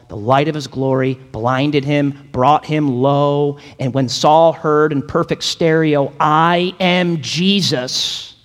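Male pastor, higher-pitched voice, dynamic emphatic sermon delivery, long hall reverb. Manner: dynamic preaching, acts out quotes, builds to emphatic peaks.

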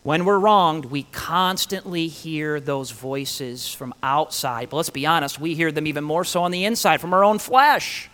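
A man preaching a sermon, emphatic and animated, with rhetorical questions and dramatic pauses. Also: a little high, clear, resonant tone. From Italian heritage.

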